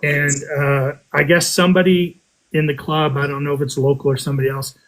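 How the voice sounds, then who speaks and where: Excitable man telling a story. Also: a little fast, low-quality recording. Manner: animated, excitable, voice jumps high when quoting himself. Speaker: podcast guest telling a metal detecting story. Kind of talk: casual storytelling chat.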